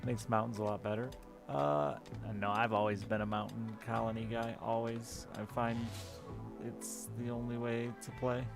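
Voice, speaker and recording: A man live streaming a game, chatting casually with a sardonic, self-deprecating manner and a gravelly voice. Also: medium pitch, level tone, moderate pace. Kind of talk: casual chat while playing a game on stream. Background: game music.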